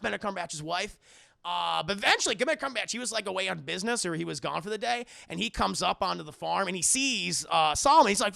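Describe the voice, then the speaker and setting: A man's voice: high voice, quick pace, gravelly, sharp tone, no room sound, studio quality. A man streaming live, casually retelling a film's plot in a rambling, profane way, talking to his chat and acting out lines. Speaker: streamer reviewing a movie.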